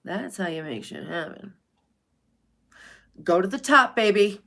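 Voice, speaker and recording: A woman hosts a casual livestream, chatting bluntly with live viewers, swearing freely and reading out their names. Her mid-range voice is animated, creaky and fairly bright, and she keeps a measured pace.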